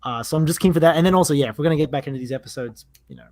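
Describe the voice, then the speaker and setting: A man's voice: on the high side, rapid-fire, darkish tone, no echo, clean studio sound. A man talking casually as a podcast guest, rambling with plenty of fillers and enthusiasm.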